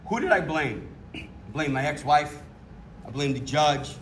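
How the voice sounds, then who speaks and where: A man's voice: on the high side, animated, slow, fairly bright tone, a little hiss or hum. A middle-aged man giving candid, self-mocking recovery testimony as a meeting speaker. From New York. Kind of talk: personal testimony talk.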